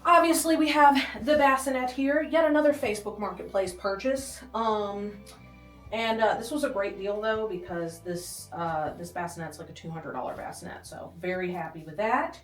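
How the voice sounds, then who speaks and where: Speaking at a normal speed in a medium-pitched voice, a pregnant young vlogger walks through her small home nursery in a loose, self-deprecating tour, now and then short of breath. The mic is far away, the sound roomy, with faint music and a humming air conditioner.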